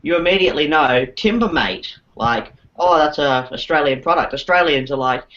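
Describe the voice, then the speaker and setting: A man's voice: fairly high pitch, expressive, moderate pace, a bit bright. A man co-hosting a casual podcast, explaining things with lots of "like" as filler. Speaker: podcast co-host. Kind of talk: casual chat. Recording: dull lo-fi audio.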